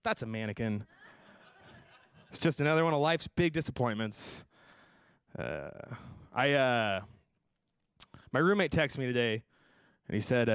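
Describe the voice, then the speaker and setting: A young man hosting a stand-up comedy show, telling deadpan self-deprecating jokes and slipping into voices for the people he quotes. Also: mid-range voice, a little slow, long pauses, clean tone, no echo, clean studio sound. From Tucson, Arizona area. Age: young adult. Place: comedy stage before a live audience.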